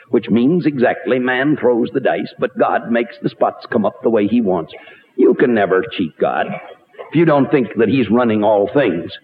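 A man preaching a radio sermon, animated and rhetorical, with wide swings in pitch. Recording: tinny narrow-band radio recording.

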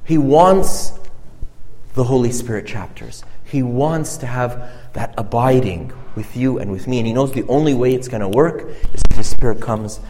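A man preaching a conversational sermon, earnest and halting, often repeating and restarting his phrases. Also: medium pitch, mellow. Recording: reverberant hall.

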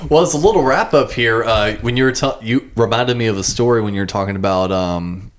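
A man's voice: lowish voice, brisk, slight background noise. A man telling a story in a casual chat, acting out the people he quotes.

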